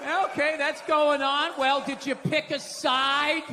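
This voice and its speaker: Brief: middle-aged American man, high, sarcastic, mumbles and shouts, big reverberant hall, loud crowd. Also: level tone, unhurried, noisy background. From United States. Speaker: stand-up comedian. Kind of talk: stand-up routine.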